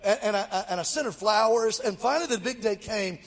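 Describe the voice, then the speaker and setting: He talks fast here, high-pitched with a breathy edge. The middle-aged Mobile, Alabama, US, native is guest-preaching, spinning a funny story and trading jokes with the audience in a lively way. A big hall's long reverb surrounds him.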